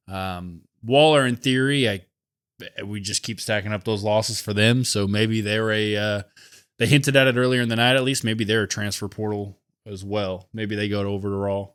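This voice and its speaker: A young man co-hosting a podcast, giving relaxed, measured takes on wrestling with frequent ums. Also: on the low side, clean tone. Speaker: podcast co-host. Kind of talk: casual wrestling review chat.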